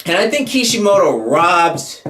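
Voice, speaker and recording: A young man hosting a casual chat, joking and swearing in an animated way. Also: sits high, a little slow, reverberant, a little hiss or hum.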